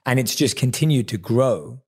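A man's voice: mid-range voice, expressive, normal speed, husky. A man hosting an interview podcast, chatting casually and enthusiastically, often restarting his sentences as he rambles. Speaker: podcast host.

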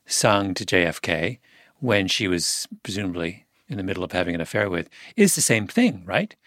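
A man's voice: low-pitched, big pitch swings, normal speed, fairly bright tone, no echo, studio quality. A man interviewing an author, asking inquisitive questions and building to emphatic points. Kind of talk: conversational interview.

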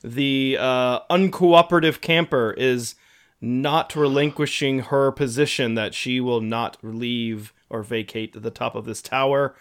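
A man co-hosting a chatty podcast, telling a long story with plenty of "uh" and "like". His voice sits at a medium pitch, and he slips into other people's voices as he quotes them. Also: steady tone, a little slow, smooth. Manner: rambling, lots of fillers, acts out quotes. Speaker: podcast co-host. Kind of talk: casual storytelling.

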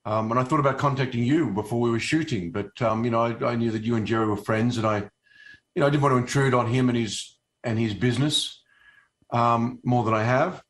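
In a casual interview, an actor from Australia talks in a mid-range voice with an Australian accent. He keeps breaking off, filling gaps and restarting his thoughts.

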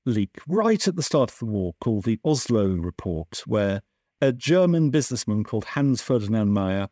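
Guesting on a podcast interview, a male science writer and author recounts wartime history with great animation. His warm, mellow voice swings lively in pitch, and he keeps restarting to correct himself. The sound is close-miked and dry, without any echo.

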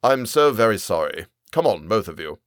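A smooth, courteous uncle, played by a male reader in an audiobook story. The voice is low-pitched and smiling and moves with a lively rise and fall. It sits close and dry. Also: normal speed, dry recording. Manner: polite, benevolent, smiling. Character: smooth, falsely kind middle-aged uncle.

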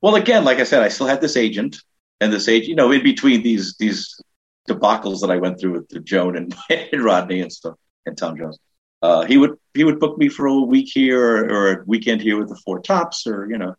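An older comedian with a New York accent spins animated backstage anecdotes, slipping into quoted voices as he goes. His voice is husky and sits a little low. The recording sounds dull and lo-fi. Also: a little fast. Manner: animated, acts out quoted voices, frequent restarts. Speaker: comedian and guest. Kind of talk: casual anecdotal storytelling.

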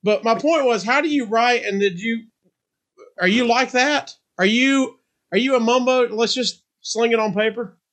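A man's voice: very high voice, moderate pace, fairly bright tone. A male interview host asking eager, chummy, curious questions in a casual chat.

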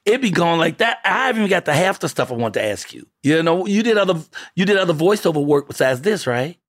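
A man's voice: a little high, very animated, fast, dry recording, clean studio sound. A man hosting a casual interview podcast, upbeat and slangy. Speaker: podcast host.

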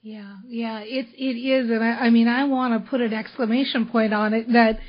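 A woman hosting an interview show, chatting enthusiastically with quick asides. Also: on the high side, steady tone. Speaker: podcast host. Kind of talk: casual interview chat. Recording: dull lo-fi audio.

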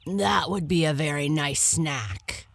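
A woman's voice: deep voice, lively intonation, slow pace, creaky, no echo, full character voice. Woman doing a growling hungry lion. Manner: growling and forceful. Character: big hungry male lion, gruff and bossy.

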